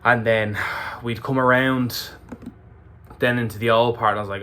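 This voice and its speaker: A man's voice: medium pitch, fairly even intonation, normal speed, pushed and bright, slight background noise. An Irish man recapping a race to camera in a candid, emotional way, swearing freely. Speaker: ultramarathon runner vlogger.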